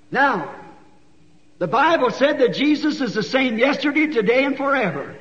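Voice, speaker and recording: Folksy preacher, a man with a very high voice, storytelling that climbs to shouts, dull old recording. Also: sing-song, moderate pace. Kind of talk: sermon. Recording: dull recording with long hall echo.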